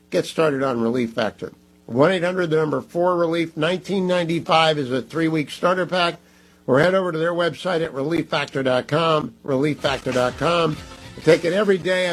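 A man's voice: a little high, husky. A middle-aged man hosting a radio talk show, reading ads live in an emphatic, conversational way and repeating phone numbers.

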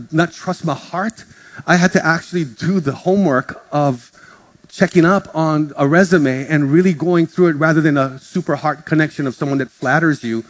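A man preaching a sermon as pastor, telling stories in a casual, joking way and acting out the voices of others. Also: a little high. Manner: casual storytelling, acts out voices, jokes with congregation. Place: church in front of a congregation. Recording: music playing under the speech. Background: music.

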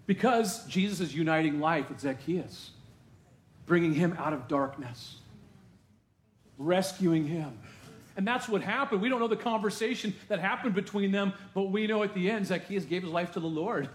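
Lively, chatty male pastor in an echoey church. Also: high voice, moderate pace. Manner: animated, conversational preaching with asides to the congregation. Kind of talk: sermon. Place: church sanctuary.

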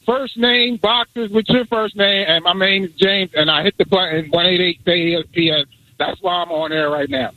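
A male caller on a sports radio show, excited and rambling, repeating himself as he talks. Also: sits high, normal speed, phone-quality sound. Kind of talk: phone-in call.

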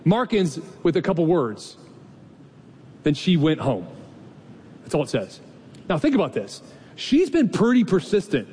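A male pastor delivering a sermon in an easy, conversational manner, asking rhetorical questions and retelling stories with mild humor. His voice carries a long reverb from the sanctuary, with a faint low rumble underneath. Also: big pitch swings, a little slow, pauses often, darkish tone. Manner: conversational preaching with rhetorical questions and light laughs. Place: church sanctuary.

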